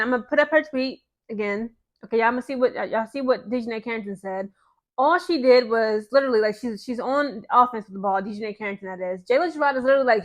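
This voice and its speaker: A woman ranting in casual sports commentary to her viewers, sarcastic and exasperated. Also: fairly high pitch. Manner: mocks others in put-on voices.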